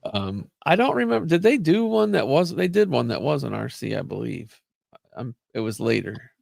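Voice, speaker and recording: A man in casual chat, telling rambling, animated stories and cursing freely. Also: medium pitch, normal speed, gravelly, dry recording.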